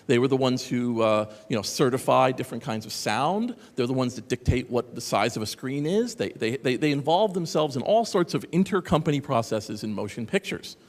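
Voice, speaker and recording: A man delivers an energetic conference talk in a big reverberant venue, pitch rising and falling constantly. He's sarcastic, animated, and prone to side remarks to the crowd, talking a little fast with few pauses.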